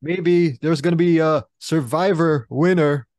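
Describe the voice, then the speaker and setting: A man co-hosting a casual panel podcast, enthusiastic and quick to laugh. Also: fairly high pitch, a little mellow, no echo, studio quality. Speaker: podcast co-host.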